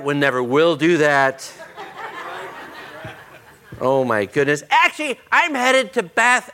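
A man, a pastor making church announcements with joking banter before starting his sermon. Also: fairly high pitch. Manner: joking, warm-hearted banter with the congregation. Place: church auditorium.

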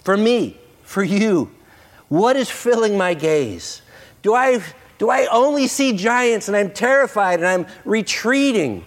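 Animated, high-spirited male preacher. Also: a little slow. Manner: animated, jokey preacher with playful put-on quotes. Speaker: pastor. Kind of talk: sermon. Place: church sanctuary with congregation.

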